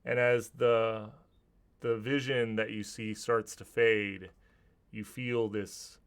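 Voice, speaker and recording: A man's voice: fairly low pitch, flat delivery, slow, smooth. A man narrating a tabletop game as game master, describing scenes vividly with some restarts.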